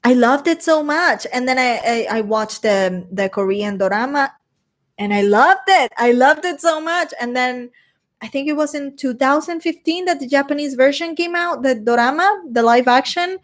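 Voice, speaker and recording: A young woman, fairly high-voiced, talks casually to her chat on a stream. She rambles from one topic to the next and reads out comments as they come in. She swears offhandedly and switches freely between English and Spanish. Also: lively intonation, normal speed.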